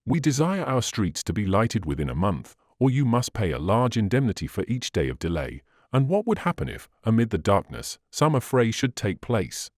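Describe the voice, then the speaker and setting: A man's voice: fairly low pitch, sing-song, normal speed, hardly any pauses, dry recording, clean studio sound. A man reading the part of a pompous, impatient middle-aged burgomaster in an audiobook, speaking emphatically and indignantly.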